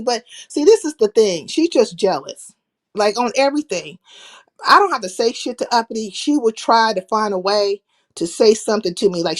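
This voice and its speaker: A woman hosting a casual livestream, ranting bluntly with plenty of profanity and stopping to greet viewers by name. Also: medium pitch. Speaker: livestream host.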